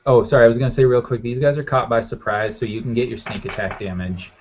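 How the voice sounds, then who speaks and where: A man's voice: medium pitch, steady tone, quick pace, a little hiss or hum. A man narrating as game master in a loose, rambling way with lots of fillers. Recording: muffled lo-fi audio.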